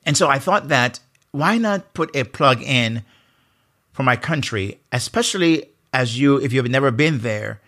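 A man's voice: medium pitch, animated, unhurried, pushed and bright. A man with a Jamaican accent hosting a motivational leadership podcast, earnest and emphatic, often asking rhetorical questions. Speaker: podcast host.

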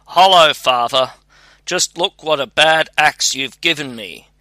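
Man doing calm young scholar, self-assured, storybook, bright voice, dry close sound. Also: on the high side, a little slow, dry recording. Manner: calm, reassuring.

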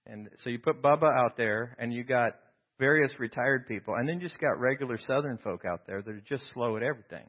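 A middle-aged man, a professor, tells loose, rambling stories to a group in a relaxed, wry way. He slips into snatches of acted-out dialogue, and the recording sounds a little dull and lo-fi. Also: medium pitch, a little fast. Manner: rambling, self-deprecating humor, acts out dialogue. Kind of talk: casual storytelling to a group.

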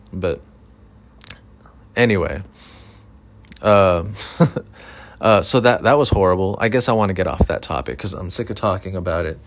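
Low-pitched male host, loose profane storyteller, chatty monologue. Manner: rambling, profane, self-deprecating storytelling with many fillers. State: recovering from illness, short of breath at times. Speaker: podcast host. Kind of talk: casual monologue.

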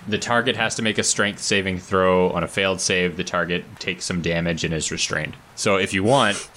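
Low-voiced man playing a tabletop game. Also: steady tone, moderate pace, bright, forceful tone. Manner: casual, reads rules aloud. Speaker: player. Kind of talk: casual tabletop chat.

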